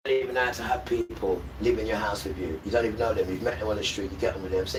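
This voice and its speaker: A man's voice: fairly low pitch, fairly even intonation, racing, few pauses, recorded from a distance, a little hiss or hum, low-quality recording. A man preaching and ranting to viewers on a livestream, often checking in with "right?".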